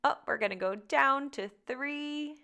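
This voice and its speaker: A woman's voice: high voice, a little slow, sharp tone. A woman teaching phonics to young children, sounding out letters one at a time and guiding them step by step. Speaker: reading teacher.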